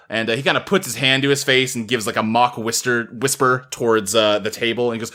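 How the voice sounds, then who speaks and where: A man's voice: medium pitch, steady tone, normal speed, pauses often, bright, forceful tone. Casual male game master narrating. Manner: casual, lots of fillers like "uh" and "kinda".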